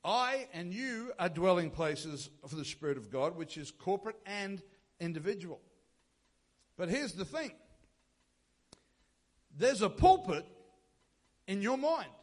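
High-voiced pastor preaching. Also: male voice, sing-song, measured pace, long pauses. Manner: emphatic, with rhetorical questions and repeated phrases. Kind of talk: sermon.

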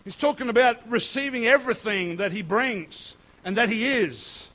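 A man giving a sermon as pastor, emphatic and swinging between loud and soft. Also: very high-pitched, animated, normal speed.

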